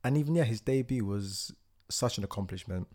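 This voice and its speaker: A man's voice: on the low side, animated, brisk, warm tone. A man co-hosting a podcast, chatting casually about music and pop culture in an easygoing way, often laughing as he talks. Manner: easygoing, backchannels a lot, laughs while talking. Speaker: podcast co-host.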